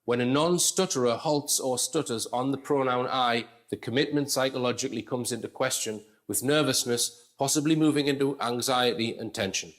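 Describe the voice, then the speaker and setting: A man's voice: mid-range voice, moderate pace, hardly any pauses. A man presenting a lecture-style commentary, explaining step by step in a conversational way. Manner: conversational, explains step by step, frequent "okay" and "right".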